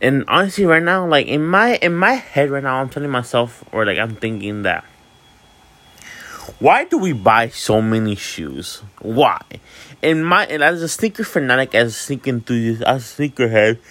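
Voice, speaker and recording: A man in his twenties from Miami, Florida, rambles on his vlog in a candid, casual monologue, swearing freely and leaning on fillers while sleepy and yawning. His medium-pitched voice has lively intonation, a moderate pace and a pushed, bright quality.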